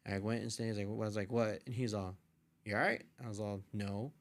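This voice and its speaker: A young man, a podcast guest, casually telling a story with lively quoted voices and frequent swearing. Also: lowish voice, fast talker. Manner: animated retelling, acts out quoted voices, swears freely. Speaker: podcast guest, artist and photographer.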